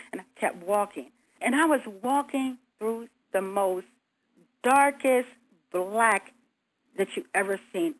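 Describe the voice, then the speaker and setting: A woman's voice: medium pitch, rough recording. A woman guest earnestly recounting a near-death experience, acting out her own pleas as she tells it.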